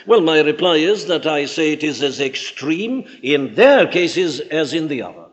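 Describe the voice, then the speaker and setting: An emphatic male preacher delivering a sermon. His voice sits a little high for a man and swings widely in pitch, leaping up on key words and sinking low and quiet for contrast. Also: lively intonation, unhurried, few pauses.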